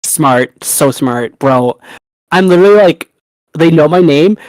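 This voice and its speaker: A man's voice: a little high, unhurried, no echo. Young guy rambling about a movie, swears a lot, laughs, dry close sound. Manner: animated, swears freely, laughs often. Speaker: podcast co-host. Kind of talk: casual chat.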